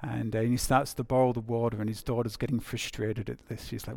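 Speaking briskly and with few pauses, this male preacher delivers his sermon in a flat, medium-pitched voice that is gravelly, creaky, and somewhat dark in tone. He keeps it conversational, loops back over phrases to stress them, and fills gaps with ums and uhs. The sound is dry and close-miked, without any echo.

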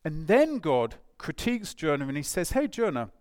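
A man preaching a sermon, animated and emphatic, with rhetorical questions and restarts. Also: a little high, normal speed, no room sound, studio quality.

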